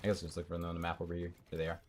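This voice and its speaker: A man's voice: sits low, monotone, rapid-fire, slight background noise. A young man streaming from home into a headset mic, casually commenting on a match and answering chat. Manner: chatty, reads out and answers chat.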